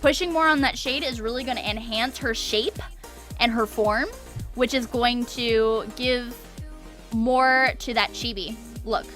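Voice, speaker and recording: A woman's voice: fairly high pitch, a little slow, a bit bright, faint music behind. A woman streaming a live art critique, encouraging, often checking in with "okay?" and repeating words for emphasis.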